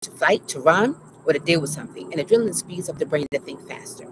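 A woman's voice: low voice, animated, fast talker. A woman therapist hosting her show outdoors in her garden, telling her own trauma story in an earnest, emotional way. She stops to breathe and keeps checking in with "right?". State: anxious, heart racing while retelling. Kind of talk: personal trauma story mixed with teaching. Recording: outdoor recording with loud cricket noise. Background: crickets and insects.

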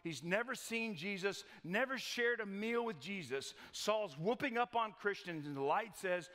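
Folksy preacher in a reverberant hall. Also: male voice, sits high, lively intonation, normal speed, hardly any pauses, a bit bright. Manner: folksy, joking asides, repeats words. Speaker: pastor. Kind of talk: conversational sermon. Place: church sanctuary. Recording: long church reverb.

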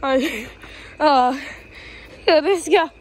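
A woman plays a jumpy purple pirate fox in a game role-play, whining and exasperated as he keeps running out of breath. The voice sits high and the delivery is slow and drawn out, with a faint hiss behind it. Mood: annoyed. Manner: whiny, flustered and exasperated. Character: jittery purple male pirate fox, easily panicked.

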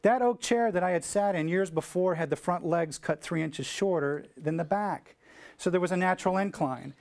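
A middle-aged man from the United States tells a story from a stage before a live audience. His voice sits a little high for a man, and he throws himself into each quoted line, at times shouting at full volume. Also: normal speed, vocal fry. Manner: animated storyteller acting out dialogue, shouting cheers. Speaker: keynote speaker. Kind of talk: storytelling keynote speech.

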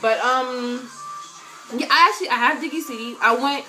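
A young woman chatting casually to her webcam, slangy and animated, often breaking into loud quoted voices. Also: sits high, normal speed. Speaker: vlogger answering viewer questions. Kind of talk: casual chat to camera.

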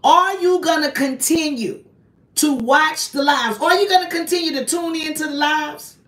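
Her high, slightly bright voice moves at a moderate pace as she runs a confrontational live stream. Preachy and invoking God, she repeatedly fires accusing rhetorical questions at one person, sounding far from the mic in an echoing room.

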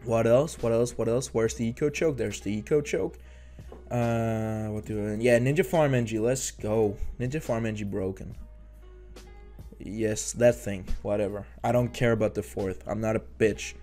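A man's voice: on the low side, moderate pace, dark tone. Young male gamer commentating his match, profane and rambling, over faint game music. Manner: frustrated, rambling, swears and stutters. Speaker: gaming YouTuber. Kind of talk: casual gameplay commentary.

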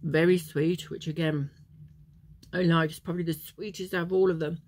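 A woman's voice: lowish voice, flat delivery, brisk, darkish tone. A woman chatting casually as she tastes and reviews chocolates, wandering off into memories with plenty of ums. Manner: chatty, meandering, many ums. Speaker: vlogger.

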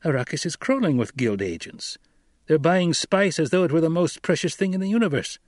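Man playing a wary veteran warrior, urgent, protesting, raised pitch, louder, dry audiobook sound. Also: animated, a little fast, dry recording, close to an everyday voice.

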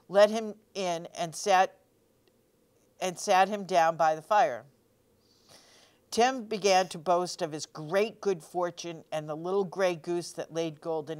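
A woman reading a picture book aloud for children's storytime, gently expressive and pausing to ask the listeners questions. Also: on the low side. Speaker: storytime reader.

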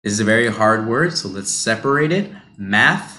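A man coaching pronunciation on a livestream, slowly modelling and repeating words for learners. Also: on the low side, lively intonation, bright, forceful tone. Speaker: pronunciation teacher.

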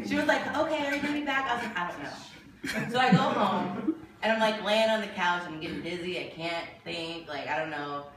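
A woman telling a lively personal story to a Bible study group, laughing often and acting out what people said. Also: medium pitch, brisk, crowd noise. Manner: animated, laughing often, acts out quoted voices. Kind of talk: casual storytelling. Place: group gathering in a room. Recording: echoey room from far off, noisy.

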